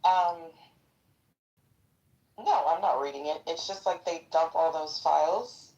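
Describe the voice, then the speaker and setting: Gravelly deep-voiced woman in her fifties. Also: slow, a little mellow, recorded from a distance, dull audio. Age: 50s. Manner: rambling, joking, gossipy. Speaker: participant in a live audio chat. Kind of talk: casual chat.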